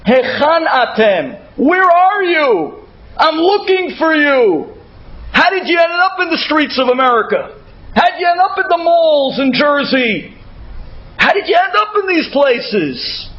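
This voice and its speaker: A man's voice: very high-pitched, big pitch swings, a little slow, highs cut off, a little hiss or hum, voice pushed up, exaggerated voice. A man voicing God calling His children home. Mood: yearning.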